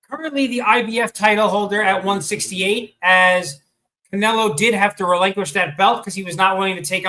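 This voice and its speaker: A man with a high, bright voice talks sports in a loose, casual way. He keeps hitting ums and restarts, and he has the hiccups. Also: low-quality recording. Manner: chatty, hesitant with many ums and restarts. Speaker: sports show host.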